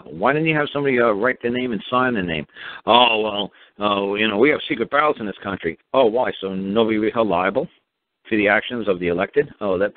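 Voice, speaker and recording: A man's voice: on the low side, no room sound. A man ranting casually and sarcastically, acting out mock exchanges, with many restarts and fillers. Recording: dry tinny phone line.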